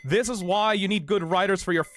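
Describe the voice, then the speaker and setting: A man's voice: high-pitched, fairly quick, a bit bright. A man streaming a game live, reading the dialogue aloud and reacting with emotional exclamations and swearing.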